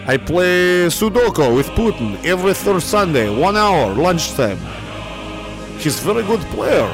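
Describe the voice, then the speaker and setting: Guy putting on a fake russian spy, deadpan broken english, slow and stiff, kinda gravelly. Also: high voice, music in the background, full character voice. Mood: mock-solemn. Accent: put-on Russian. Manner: stiff, halting, slow confession.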